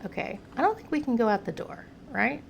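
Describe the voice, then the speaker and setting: A woman's voice: on the high side, big pitch swings, fairly quick, gravelly, slight background noise. An American woman giving chatty gameplay commentary, talking to the game's hero the way she talks to a pet. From United States. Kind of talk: casual game commentary.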